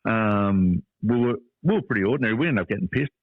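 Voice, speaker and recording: A man's voice: on the low side, lively intonation, fast talker, no room sound. Australian man, mid voice, muffled dry sound. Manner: friendly storytelling, laughs often. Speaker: podcast co-host. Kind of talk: casual chat.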